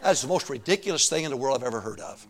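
A man's voice: medium pitch, racing. A middle-aged man preaching a sermon, telling stories, laughing often and calling for answers from the congregation. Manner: animated, calls for answers from the congregation.

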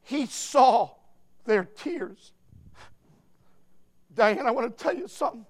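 In a church, a male pastor preaches without notes, swinging between loud, shouted declarations and soft, hushed reassurance, repeating and stressing his points. His voice is very high-pitched and slow, with lively intonation.

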